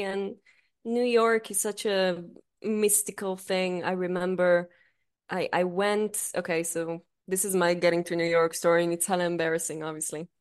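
A young woman co-hosting a podcast, telling stories in casual chat, swearing freely and laughing often. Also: mid-range voice. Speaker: podcast co-host.

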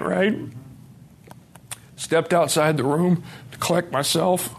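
A man's voice: high-pitched, steady tone, slow, creaky. A middle-aged man from Montana giving a candid personal testimony at a recovery conference, blunt and profane, acting out the dialogue as he tells it. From Montana, USA.

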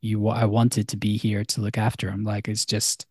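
A man's voice: on the low side, monotone, moderate pace, mellow, dry recording, clean studio sound. A man co-hosting a film podcast, rambling and self-mocking in casual chat. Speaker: podcast co-host.

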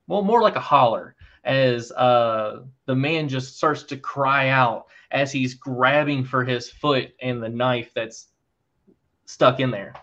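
A man narrating as game master in a relaxed way, with lots of fillers. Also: medium pitch, highs cut off.

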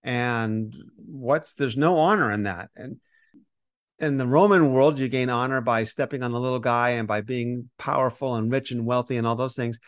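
Man, bible teaching chat, explains with acted-out quotes, middle pitch, dry close sound. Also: moderate pace, no room sound. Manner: animated explainer, acts out quoted voices. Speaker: podcast co-host teaching on Romans.

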